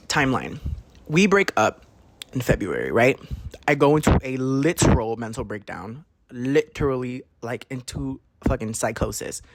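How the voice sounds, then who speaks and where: A young man hosting a podcast, telling a story in an animated, gossipy way, swearing often and saying "like" constantly. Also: medium pitch. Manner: animated, gossipy, profane, heavy use of "like". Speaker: podcast host. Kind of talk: casual storytime monologue.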